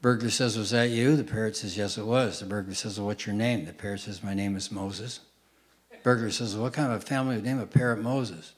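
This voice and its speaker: An older man doing stand-up on stage, telling quick deadpan one-liners to a live audience. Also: lowish voice. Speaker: stand-up comedian. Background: audience laughter.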